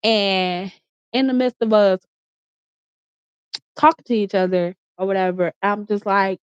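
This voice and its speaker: In her bedroom, a woman vlogger speaks to camera about something that happened to her, using a clear, resonant, slightly mellow mid-range voice at a normal pace. Her talk is blunt and full of swearing, "like," and restarted sentences, captured in a dry, echo-free, somewhat dull lo-fi recording.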